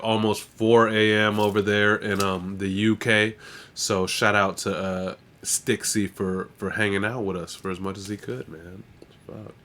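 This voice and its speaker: A man's voice: on the low side, sharp tone, a little hiss or hum. A man hosting a live stream, chatting casually in a slangy, laid-back way and swearing freely. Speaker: stream host and rapper.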